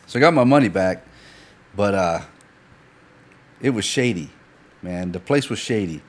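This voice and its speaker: Man, low voice, lively profane storyteller, casual podcast chat. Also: moderate pace, long pauses. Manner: animated anecdote teller, swears freely, acts out dialogue. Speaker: guest.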